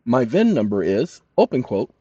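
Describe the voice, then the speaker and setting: A man hosting his channel, lecturing viewers emphatically and addressing them as "ladies and gentlemen", sometimes dictating text slowly and deliberately. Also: mid-range voice, big pitch swings, breathy edge, no room sound, dull audio. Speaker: channel host.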